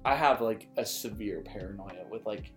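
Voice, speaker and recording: Young dude telling stories, says like every other word, lowish voice, quiet guitar in the back. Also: male voice, animated, moderate pace. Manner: filler-heavy, says like a lot. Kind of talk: casual chat, personal anecdotes. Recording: faint guitar music behind.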